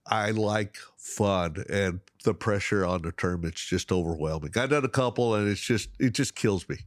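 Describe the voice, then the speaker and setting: A middle-aged man tells stories with lots of energy. His fairly low voice jumps up into high exclamations and drops into quiet asides, and he laughs often. The sound is dry and close to the mic. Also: normal speed, dry recording. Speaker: podcast guest. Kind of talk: animated storytelling in casual chat.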